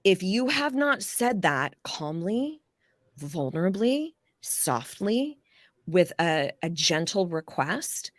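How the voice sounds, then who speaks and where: A woman life coach explaining ideas in a casual, animated podcast interview, with occasional swearing. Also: fairly low pitch, slow, dry recording, clean studio sound. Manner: animated, explanatory, acts out quoted people.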